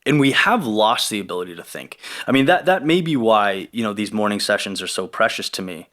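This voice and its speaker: A man talking as a podcast guest, thoughtful and halting, restarting his sentences as he works out his ideas. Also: fairly low pitch, lively intonation, fairly bright tone. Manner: reflective and halting, with many restarts. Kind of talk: casual conversation. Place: ranch.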